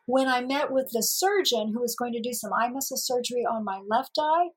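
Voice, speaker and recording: A woman from Missouri telling her life story as an interview guest, lively and acting out past conversations with laughter. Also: fairly high pitch, fairly quick, breathy edge, poor audio. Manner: lively storyteller who acts out dialogue with laughter.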